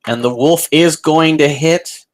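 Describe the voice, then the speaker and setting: Over poor audio, a man with a slightly high voice narrates unhurriedly as a dungeon master. He paints the tabletop game's scene vividly while rambling and using fillers.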